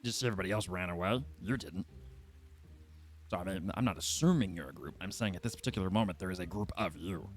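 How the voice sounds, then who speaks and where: A man voicing Spitwick, a confident male gnome fixer who speaks low and measured. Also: soft background music, natural voice. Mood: secretive.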